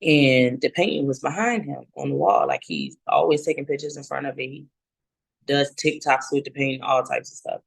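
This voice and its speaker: Thirties woman, interview guest, gravelly texture, blunt and profane, acts out scenes. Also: very deep voice, animated, normal speed, no echo, low-quality recording. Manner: candid, blunt, swears freely; relives scenes by acting out both sides. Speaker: guest sharing her story. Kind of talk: personal testimony in casual talk.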